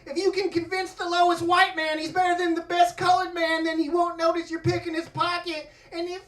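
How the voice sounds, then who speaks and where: A man doing an impression of a loud redneck comedian, drawling high and slow and hollering out his punchlines on a comedy club stage. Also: flat delivery. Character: loud Southern redneck comic, grown man. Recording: roomy live club from a distance. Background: audience laughter.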